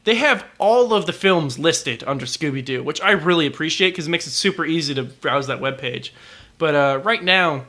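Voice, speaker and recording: A podcast co-host in loose, casual conversation. His voice sits a bit high and rings bright and forward. He stammers often, repeating words while he works out what to say. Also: expressive, moderate pace. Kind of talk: casual chat.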